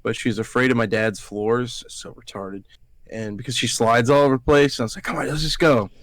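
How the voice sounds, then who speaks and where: With no room sound behind him, a medium-pitched man talks at a normal speed. He is an Alabama podcast co-host who wanders through profane stories in casual conversation, performing other people's lines as he quotes them.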